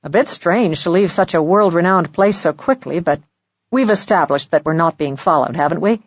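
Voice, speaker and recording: A woman narrator voicing a grim, protective male spy partner with a clipped, low delivery. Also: normal speed, no echo, muffled recording.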